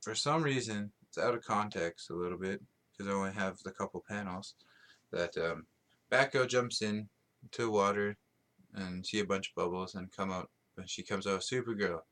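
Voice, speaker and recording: Young male podcaster, slightly low voice, loose rambling delivery full of fillers and self-amused laughs. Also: moderate pace, fairly bright tone. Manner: rambling, many ums and restarts, laughs at himself. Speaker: podcast host. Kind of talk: casual solo podcast rambling.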